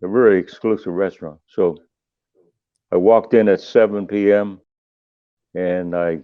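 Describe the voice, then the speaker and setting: An older man, a guest musician, telling stories in a podcast interview, emotional and animated, his voice jumping up when excited. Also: low-pitched, measured pace, clean tone, no echo, phone-quality sound.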